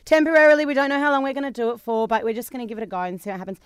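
A woman's voice: on the high side, rapid-fire, smooth, no room sound, clean studio sound. An Australian woman in her thirties, telling a story in casual chat as a podcast co-host. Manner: chatty storytelling, animated.

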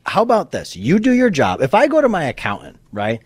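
A man's voice: fairly high pitch, huge pitch swings, a little fast, slightly rough, no room sound. Sarcastic joking man, dry mic. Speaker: podcast co-host. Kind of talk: casual political commentary.

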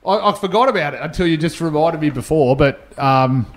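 A man's voice: on the high side, a little fast. A man telling a story over a casual podcast chat. He laughs often, swears freely and repeats words as he goes. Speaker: guest comedian.

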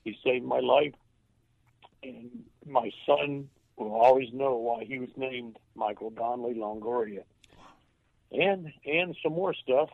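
An older man, a former baseball coach, tells a moving personal story in a halting way, repeating words as he is moved to tears. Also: medium pitch, very animated, vocal fry, no room sound. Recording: tinny phone line.

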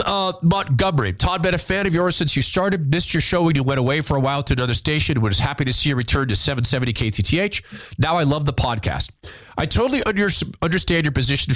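A man reads listener letters on his podcast and answers them in an earnest, emotionally open way, now and then breaking off and repeating words when moved. His slightly high, fairly bright voice has lively intonation, recorded dry.

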